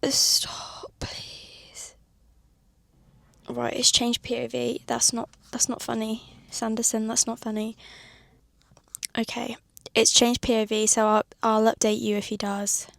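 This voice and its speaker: Woman book vlogger, chatty and emotional, kinda high voice, dry close sound. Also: completely flat delivery, moderate pace, vocal fry, dry recording. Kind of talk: casual reading-reaction vlog. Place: at work on a lunch break.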